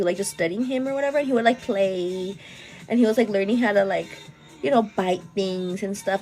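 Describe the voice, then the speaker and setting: A woman chatting through a casual story as a vlogger, animated and full of "girl" and "like". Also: medium pitch. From El Paso, Texas area.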